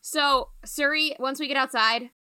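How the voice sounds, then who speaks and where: A woman playing a tabletop game, animated, laughing and swearing as she narrates her character. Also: high voice, measured pace, no room sound, studio quality. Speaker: player. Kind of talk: casual tabletop role-play.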